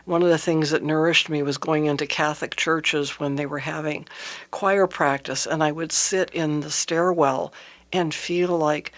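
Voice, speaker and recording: A woman tells a heartfelt personal story as a guest on a radio talk show. Her delivery is earnest and halting, with pauses and restarts, and she softens to a near hush at the tender points. She is heard close on a studio microphone. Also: low-pitched. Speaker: interview guest.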